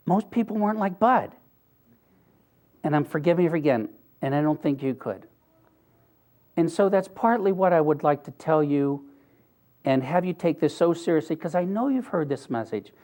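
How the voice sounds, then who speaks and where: A man's voice: fairly high pitch, lively intonation, normal speed, long pauses, darkish tone. An older man giving an earnest, conversational talk, telling a personal story with wry asides. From Pennsylvania, US. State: briefly choked up. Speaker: speaker.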